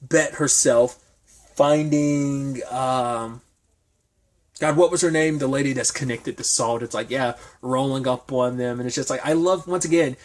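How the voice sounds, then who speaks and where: A man's voice: medium pitch, unhurried. A man reviewing a TV episode in a casual, rambling recap full of fillers and speculation.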